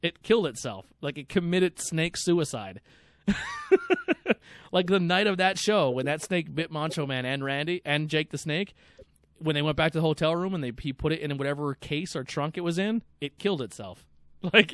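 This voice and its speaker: A man's voice: on the high side, sing-song, normal speed, a bit bright, no echo, studio quality. A man hosting a podcast, telling rambling stories full of swearing. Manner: profane, rambling storyteller. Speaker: podcast host. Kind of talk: casual chat.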